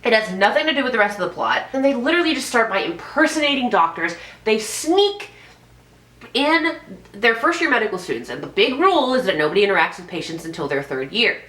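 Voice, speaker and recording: A woman's voice: a little high, sing-song, fairly quick, fairly bright tone, echoey room. Sarcastic woman reviewing movies. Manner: sarcastic, profane, acts out quotes in mock voices. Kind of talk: casual spoken review.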